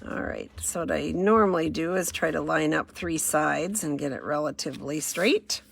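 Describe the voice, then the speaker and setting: A woman's voice: deep voice, moderate pace, gravelly, slight background noise. A woman running a casual crafting demo, chatty and self-deprecating, thinking aloud as she works. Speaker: craft demonstrator.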